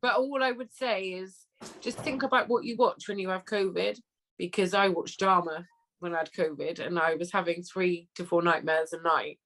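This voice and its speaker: A woman's voice: lowish voice, steady tone, a bit bright. Teasing chatty Southwest English woman. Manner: teasing, chatty, quick to laugh. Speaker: co-host. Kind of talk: casual chat.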